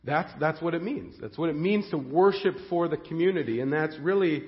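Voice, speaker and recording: A man preaching a sermon as pastor, earnest and excitable, often repeating the first words of a phrase as he goes. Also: fairly high pitch, a little fast, long reverb tail, dull audio.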